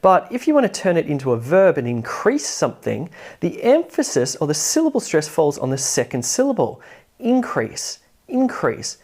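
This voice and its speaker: A man teaching English pronunciation in an online lesson, who drills words slowly and adds wry asides. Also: on the high side, a little mellow. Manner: emphatic, drills words slowly and repeats them.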